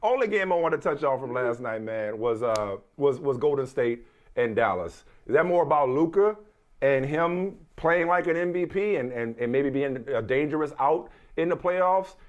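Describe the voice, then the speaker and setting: A man's voice: mid-range voice, animated, moderate pace, dull audio. A man co-hosting a sports talk show, playful and teasing, often restarting his words. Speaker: co-host.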